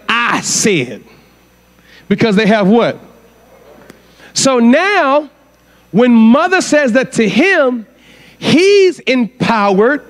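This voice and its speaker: A man preaching as guest speaker at a church conference, firing rhetorical questions at the congregation. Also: very high voice. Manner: asks the crowd rhetorical questions. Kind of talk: sermon.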